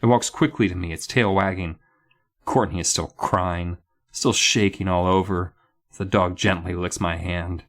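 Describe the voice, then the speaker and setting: A man's voice: low-pitched, steady tone, measured pace, fairly bright tone. A man co-hosting a comedic podcast, reading book passages aloud with hammy dramatic flair and telling jokey stories. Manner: joking, playful storytelling. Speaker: podcast co-host. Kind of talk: casual comedic book recap.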